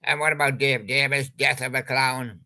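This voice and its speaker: A man's voice: mid-range voice, fairly even intonation, normal speed, sharp tone. An older man, rambling chattily about old pop songs and making jokey wordplay. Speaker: channel host.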